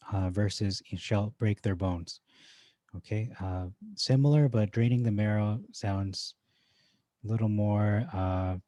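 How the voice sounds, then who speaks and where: A man casually going through Bible verses one by one, thinking aloud with frequent pauses and restarts. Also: fairly low pitch, mellow, no echo. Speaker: Bible teacher. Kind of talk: informal verse-by-verse scripture comparison.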